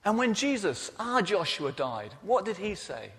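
A man's voice: high voice, big pitch swings, a little slow, fairly bright tone. A man preaching a sermon in a church, earnest and personal in his delivery. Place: church hall. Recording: reverberant church hall.

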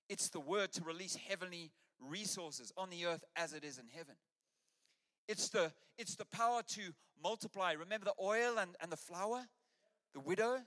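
A man's voice: on the high side, a bit bright, in a large hall. An Australian man preaching a sermon to his church, rousing and urging the congregation on. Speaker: pastor.

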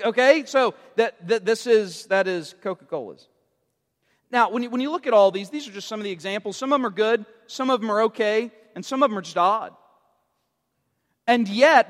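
Joking with the congregation and teasing them between points, a pastor preaches in a notably high, somewhat bright voice. The recording has the long reverb of a large church sanctuary.

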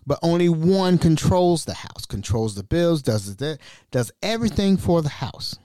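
Animated male podcast host, dry sound. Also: fairly high pitch, moderate pace, no echo. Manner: animated, exasperated retelling. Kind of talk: casual storytelling.

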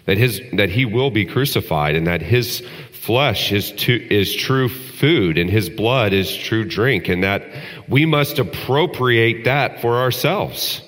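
A man's voice: lowish voice, fairly bright tone, in a large hall. A man preaching a sermon in an earnest style that builds to emphatic peaks. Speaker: pastor.

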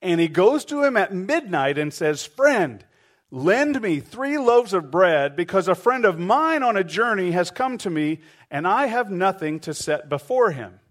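A man's voice: high voice, sing-song, measured pace. A middle-aged man preaching a sermon, telling a story animatedly and acting out the voices of the people in it. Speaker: pastor.

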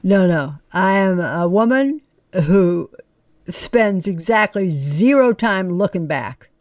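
A woman author speaks as an interview guest, emphatic and outspoken, with bursts of exuberance. Her voice sits at a middle pitch. The sound is dry and close-miked. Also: expressive, slow, darkish tone, no room sound. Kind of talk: conversational interview.

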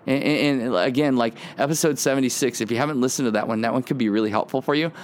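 A man's voice: mid-range voice, quick pace. Earnest man teaching on prayer. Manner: earnest, conversational, acts out prayers in quoted lines. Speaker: podcast host teaching on the Psalms. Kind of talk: devotional podcast teaching.

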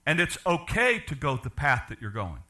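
Lively preacher man with a bright voice. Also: mid-range voice, normal speed. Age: older. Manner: preaching with questions to the congregation, big swings in loudness. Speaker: pastor. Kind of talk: sermon.

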